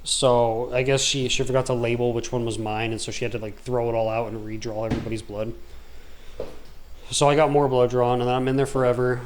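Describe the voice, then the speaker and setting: A man hosting a gaming video, telling a long story in a rambling, animated, slangy way. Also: medium pitch, a little fast, slight background noise. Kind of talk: casual storytelling while gaming.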